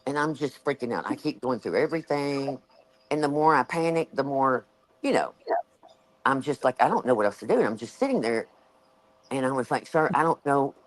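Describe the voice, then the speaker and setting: Lively Southern woman telling a story. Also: very deep voice, fairly quick, rough recording. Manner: animated, acts out quoted voices. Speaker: show host. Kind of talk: casual storytelling chat.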